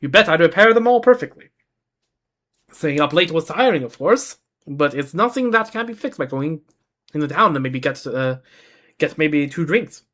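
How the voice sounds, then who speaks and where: A man's voice: on the high side, lively intonation, moderate pace, fairly bright tone. A man voicing a humble, earnest village carpenter in a video game, in a put-on Central European accent and stumbling now and then as he reads. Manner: reading dialogue aloud with stumbles and restarts.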